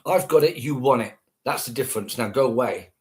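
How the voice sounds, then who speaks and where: A man's voice: mid-range voice, fairly quick. A man ranting casually to camera, scornful and heavily profane, repeating himself.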